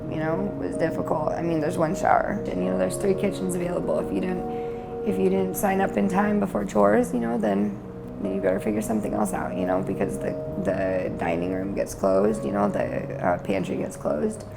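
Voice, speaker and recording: Testimonial: low-ish, gravelly woman, chatty, laughs often, emotional. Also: fairly even intonation, a little fast, loud music behind the voice. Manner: chatty, lots of fillers and laughs. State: tearful at times. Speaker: new resident, mother. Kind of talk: testimonial interview.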